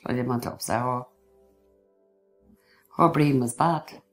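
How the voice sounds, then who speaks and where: An older woman, haltingly and quietly recounting a memory as an interviewee. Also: a bass voice, soft background music.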